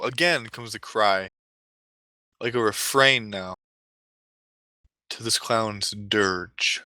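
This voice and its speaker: A man telling a comic story in a deliberate way, with dramatic pauses and asides. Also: fairly low pitch, steady tone, pushed and bright, dry recording.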